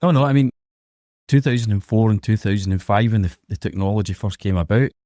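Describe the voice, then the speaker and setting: Low, mellow Glaswegian man. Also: fast, no echo, studio quality. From Scotland. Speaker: podcast guest. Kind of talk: podcast interview.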